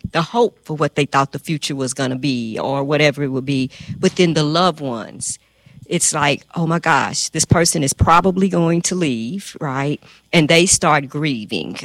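Woman, hospice care worker; calm, measured explainer; dry sound. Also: sits low, dry recording. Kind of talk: panel discussion answer.

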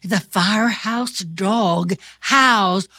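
A woman reading a children's picture book aloud in a highly animated, sing-song storytelling manner with gasps. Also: very slow, no echo. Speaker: storybook reader.

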